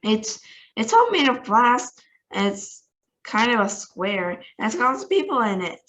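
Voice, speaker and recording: A woman's voice: fairly high pitch, big pitch swings, normal speed, a bit bright, rough recording. A woman reading aloud, voicing an astonished male astronaut reporting from orbit. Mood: amazed. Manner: breathless, astonished.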